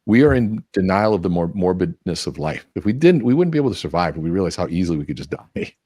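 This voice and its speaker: A man's voice: low-pitched, very animated, fast talker, warm tone, dry recording, clean studio sound. A man as the guest expert on a podcast interview, talking energetically, acting out quoted dialogue and restarting often. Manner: frequent restarts.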